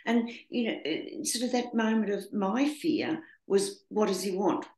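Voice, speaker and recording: A woman in a casual group conversation, telling animated stories and acting out quotes. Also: medium pitch, a little slow. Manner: animated storytelling with acted-out quotes. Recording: echoey room.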